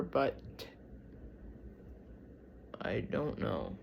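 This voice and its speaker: A host with a Michigan accent reads a history piece aloud at an unhurried, slow pace. The delivery keeps stumbling over names and numbers and drifting into chatty side remarks. It is casual and unpolished, in the manner of a home video. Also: mid-range voice, fairly even intonation, darkish tone. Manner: stumbles over words, gets sidetracked, chatty. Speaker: channel host.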